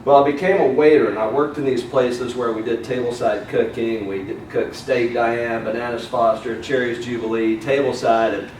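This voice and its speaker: A man's voice: mid-range voice, steady tone, normal speed, few pauses, a little mellow. Southern US male speaker, middle-aged, engages the crowd; captured in a roomy hall at a distance, light background noise. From Alabama, US. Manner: storytelling, asks the audience questions, tag "right?". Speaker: motivational speaker. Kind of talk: keynote speech to a live audience. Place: large hall with audience. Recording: echoey hall, mic from far off.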